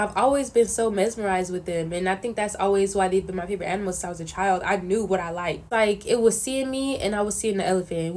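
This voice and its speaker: Animated young woman chatting casually. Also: mid-range voice. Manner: animated, slangy storytelling. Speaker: vlogger answering questions. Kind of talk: casual chat.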